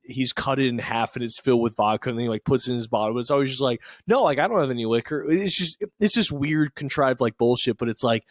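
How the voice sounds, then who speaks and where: A man's voice: mid-range voice, fast, few pauses, dry recording, clean studio sound. A man co-hosting a comedy podcast, chatting casually, swearing freely and laughing between phrases. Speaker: podcast co-host.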